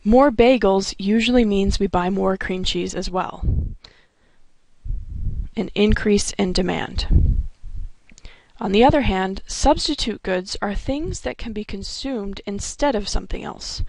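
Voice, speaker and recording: A woman delivers a recorded economics lecture, steady and explanatory. Her voice carries a gravelly fry at phrase ends. The recording is dry and close, with no room sound. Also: medium pitch, unhurried, no room sound. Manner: clear explanatory delivery with occasional restarts. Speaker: economics instructor.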